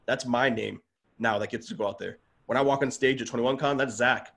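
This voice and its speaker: A man at an average pitch talks as a podcast guest in easy conversation. He comes across earnest and excitable, speaking from the heart. The tone stays casual and open. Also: brisk, creaky.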